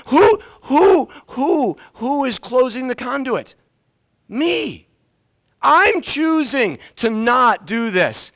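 A man preaching a sermon as pastor, animated, swinging from soft asides to loud outbursts and getting out of breath. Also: high voice, measured pace, long pauses. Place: church sanctuary.

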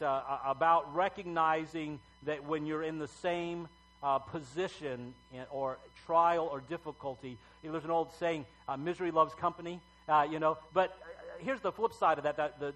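Conversational pastor with a fairly high voice. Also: male voice, fairly bright tone, low-quality recording. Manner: conversational, halting with fillers, rising to emphatic outbursts. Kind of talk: sermon.

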